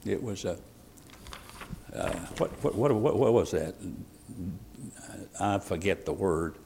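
Preaching in a folksy style, a gravelly-voiced man quotes old scripture and laughs at his own jokes. He is animated but unhurried, his pitch swinging widely from loud, emphatic outbursts to quiet, confiding asides, with a little hiss or hum on the recording.

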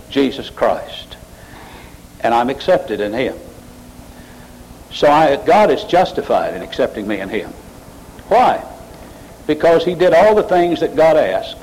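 A man preaching a sermon, rising sharply in pitch and volume as he drives his points home. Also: a little mellow, a little hiss or hum, low-quality recording. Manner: mocking emotional worshippers in a high voice. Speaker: pastor.

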